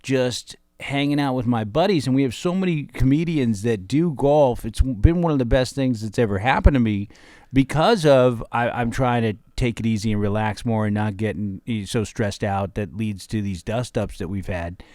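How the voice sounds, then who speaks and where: Man, podcast host, casual comedic chat, smooth voice, dry studio sound. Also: mid-range voice, normal speed, no echo. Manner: upbeat, animated show intro.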